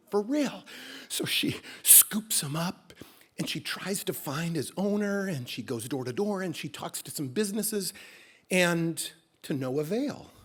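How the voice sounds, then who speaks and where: A man telling a true first-person story live on stage at a story slam, animated and slipping in deadpan comic exaggeration. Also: fairly high pitch, moderate pace, breathy edge.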